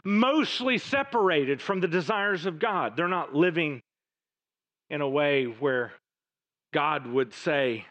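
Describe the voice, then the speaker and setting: A man preaching a sermon, moving between raised emphatic lines and hushed, low passages. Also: expressive, slow, dull audio. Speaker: pastor.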